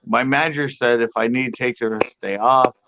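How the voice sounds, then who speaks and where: A middle-aged man in casual storytelling on a podcast panel, rambling and animated as he acts out other people's lines. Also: mid-range voice, fast. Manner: rambling, animated retelling with quoted voices. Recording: muffled lo-fi audio with background noise.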